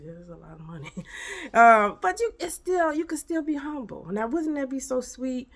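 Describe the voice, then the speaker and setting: A woman's voice: sits high, big pitch swings, normal speed, fairly bright tone. A woman giving a casual spiritual pep talk to camera, emphatic and preachy, full of rhetorical questions. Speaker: motivational vlogger.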